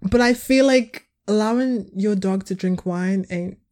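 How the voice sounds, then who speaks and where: A young British woman co-hosting a casual podcast chat, animated and quick to laugh. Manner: animated, laughs often, acts out quotes in high voices. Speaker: podcast co-host.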